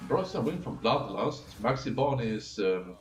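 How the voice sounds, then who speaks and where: A man's voice: medium pitch, sing-song, moderate pace, background noise. A man streaming, rambling and crude, making off-topic asides. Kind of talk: casual reaction stream chat. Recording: echoey room, far from mic.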